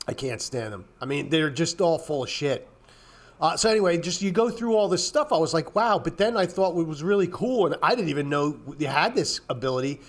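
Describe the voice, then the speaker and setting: Casting: man, somewhat high voice, loose and profane market commentary, rambles, clears his throat a lot. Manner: rambling, blunt and profane, rising to exasperated rants. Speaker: trading show host.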